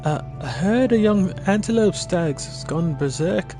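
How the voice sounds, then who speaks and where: A man voicing an anxious young male forest worker in a raised voice, speaking in a hurried, worried way. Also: high voice, animated, warm tone, soft background music, pitched above the performer's own voice.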